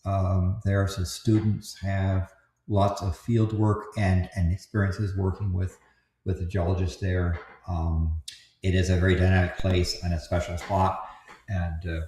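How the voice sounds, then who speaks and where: Man, low voice, halting speech, lots of fillers, casual livestream co-host, echoey room. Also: flat delivery, mellow. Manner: halting, many restarts and fillers, joking asides. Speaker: co-host explaining volcano science.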